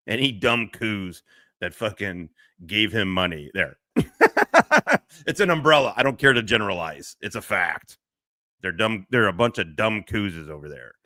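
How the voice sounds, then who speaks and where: A middle-aged man rants with a swooping, animated pitch and a bright, forceful tone. He is profane and mocking and breaks into loud laughs. The sound is dry and close. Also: no echo. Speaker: commentary host. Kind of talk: ranting commentary.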